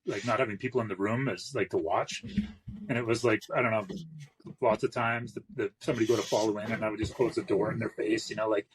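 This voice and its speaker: A man's voice: on the low side, fairly even intonation, slight background noise, poor audio. A man from western Canada, a tattooer, telling rambling shop stories in a casual podcast chat. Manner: rambling, quick anecdotes with acted-out quotes. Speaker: tattooer guest. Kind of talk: casual storytelling.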